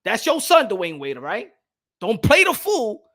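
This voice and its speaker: A young man hosts a boxing talk show in a loud, animated rant. His pitch leaps all over the place, and his voice is bright and sharp. He repeats his points over and over and drops from shouting into low muttering. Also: a little slow. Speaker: boxing commentary host.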